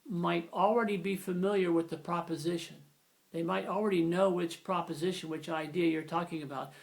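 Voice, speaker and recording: A man's voice: fairly high pitch, vocal fry. A man giving an informal, rambling grammar lesson, often correcting himself as he explains. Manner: rambling, self-correcting, conversational. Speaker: grammar teacher.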